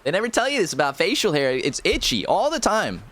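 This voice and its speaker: A man's voice: high-pitched, big pitch swings, brisk, fairly bright tone. A man from rural America, casually chatting with viewers while playing a game and joking around. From rural United States. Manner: joking, rambling, talks to chat. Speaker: streamer. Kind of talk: casual live gameplay commentary. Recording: faint music behind.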